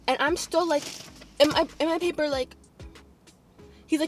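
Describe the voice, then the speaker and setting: Young woman, high-pitched, casual storyteller acting out quotes over soft music. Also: brisk, pauses often. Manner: animated, acts out quotes. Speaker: vlogger.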